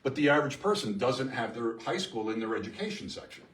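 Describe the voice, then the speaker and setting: A middle-aged man presents a live seminar to an audience in a meeting room, lively and emphatic, often asking the room questions. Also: mid-range voice, fast talker. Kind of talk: live workshop talk to an audience. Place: chamber of commerce meeting room. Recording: echoey room from far off.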